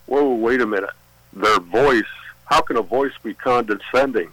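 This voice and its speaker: Man, radio caller, measured, opinionated, dry sound. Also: mid-range voice, bright, forceful tone, dry recording, rough recording. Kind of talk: call-in radio chat.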